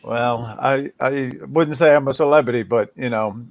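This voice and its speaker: A man's voice: mid-range voice, moderate pace, muffled recording. A man hosting a casual livestream and greeting viewers by name. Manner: reads out viewer names and greets them one by one. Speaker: livestream host.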